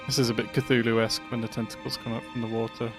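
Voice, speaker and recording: A man streaming a video game from his flat, making puns and chatting with viewers. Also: mid-range voice, fast. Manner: jokey, punning, chatty with viewers. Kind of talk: live gameplay commentary. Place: home flat. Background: music.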